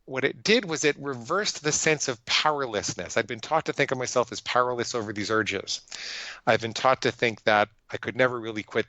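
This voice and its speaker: A psychologist appearing as a podcast guest tells his story in an earnest, emphatic, conversational interview style, often restarting his sentences. His voice is on the low side, bright and forceful, and the audio is dull with no echo.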